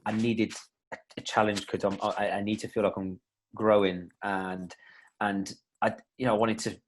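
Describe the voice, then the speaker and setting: Podcast guest: young man, lowish voice, loose rambling chat full of restarts. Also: little pitch movement, normal speed, a little hiss or hum. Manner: rambling, many restarts and fillers, laughs a lot. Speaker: podcast guest, fitness coach.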